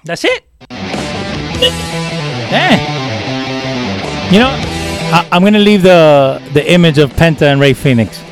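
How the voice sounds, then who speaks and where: Lively high-voiced older man, casual podcast. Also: slow, long pauses, over music. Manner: animated, loose and swearing, dropping Spanish phrases. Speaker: podcast co-host.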